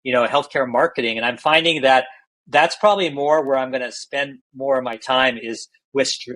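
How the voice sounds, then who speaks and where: A man's voice: mid-range voice, a bit bright, low-quality recording. A middle-aged man, a healthcare executive, candidly telling stories in a podcast interview and often restarting his phrases.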